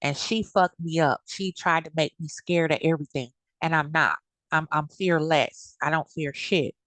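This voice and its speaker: A woman's voice: sits low, moderate pace, fairly bright tone, no echo. A woman giving blunt, heated commentary in a casual vlog, cursing freely. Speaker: commentary vlogger.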